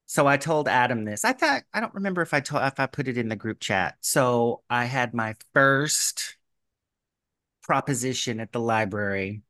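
Animated man telling a story. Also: medium pitch, normal speed, dry recording, studio quality. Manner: animated, acts out quoted voices. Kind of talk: casual storytelling chat. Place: residence in a gated community.

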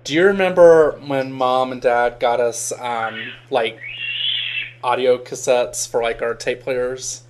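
A man's voice: medium pitch, takes it slowly, background noise. A man from Virginia hosting a podcast, telling stories in a casual chat and laughing often. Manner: animated storytelling, laughs often. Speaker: podcast host.

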